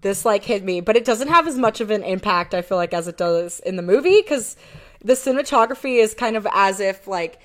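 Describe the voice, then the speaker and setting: A woman's voice: medium pitch, lively intonation, brisk. A young woman co-hosting a podcast in casual chat, giggling often and quoting characters playfully. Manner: giggly, lots of fillers, quotes characters playfully. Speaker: podcast co-host.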